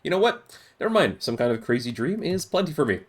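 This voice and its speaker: A man's voice: fairly high pitch, very animated, fast talker. Man, streamer, casual game commentary, reads text aloud, amused.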